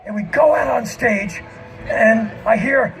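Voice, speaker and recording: High-pitched shouting man telling stories. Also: a little slow, faint music behind. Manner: animated, self-mocking, often shouting. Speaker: spoken-word performer. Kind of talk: live comic storytelling. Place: outdoor festival stage.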